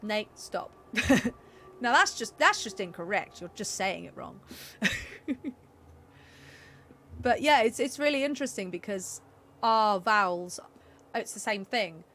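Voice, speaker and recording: A woman's voice: mid-range voice, lively intonation, takes it slowly, long pauses, fairly bright tone. Brief: English streamer, a woman from the south, easygoing rambling chat over gameplay, laughs a lot. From England. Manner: chatty and rambling, laughs often. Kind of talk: casual gameplay commentary.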